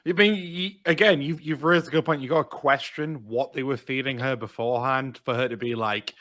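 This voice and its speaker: A man's voice: mid-range voice, brisk, fairly bright tone. A young British man co-hosting a podcast, laid-back, reading out news items wryly in casual chat. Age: young adult. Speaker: podcast co-host.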